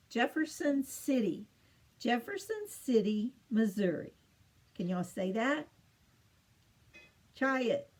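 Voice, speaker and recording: A middle-aged woman teaching children, slow and patient, repeating each answer in a sing-song lilt. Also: medium pitch, a little mellow. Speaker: teacher of state capitals to children. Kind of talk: slow home-made lesson for children.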